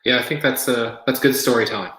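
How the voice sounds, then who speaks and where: A man's voice: mid-range voice, fast, fairly bright tone. Male podcast co-host in an echoey room. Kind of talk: casual wrestling podcast chat.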